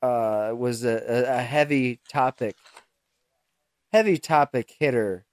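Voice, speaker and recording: Slow, halting young man with a dry voice. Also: mid-range voice, clean tone, no echo. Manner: halting, rambling, searches for words, swears. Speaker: podcast co-host. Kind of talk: casual chat.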